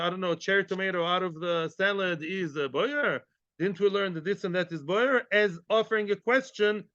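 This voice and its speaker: A man's voice: high voice, bright, forceful tone, dry recording. A man teaches a daily Talmud class, mixing in Hebrew and terms and asking his listeners questions. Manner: explains in English mixed with Hebrew and Yiddish terms, asks the class questions. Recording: dry, dull lo-fi audio.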